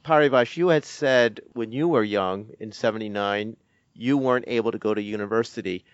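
A man interviewing a guest, asking measured, attentive questions. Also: lowish voice, no room sound. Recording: dry, dull lo-fi recording.

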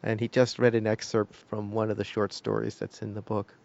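Male interviewer, gravelly low-key voice, dry muffled recording. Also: monotone, a little fast, a little mellow, dry recording. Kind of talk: casual interview.

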